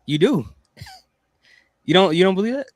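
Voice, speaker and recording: A man hosting a casual wrestling podcast, asking curious questions with quick reactions and frequent laughs. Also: sits high, animated, no echo. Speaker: podcast host. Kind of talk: casual chat.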